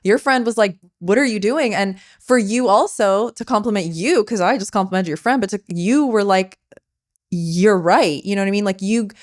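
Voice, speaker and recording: A woman's voice: mid-range voice, normal speed, dry recording, studio quality. A woman hosting a podcast interview, chatty and encouraging, sometimes turning to speak to her listeners. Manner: chatty, encouraging, talks to the audience. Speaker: podcast host. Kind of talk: conversational interview.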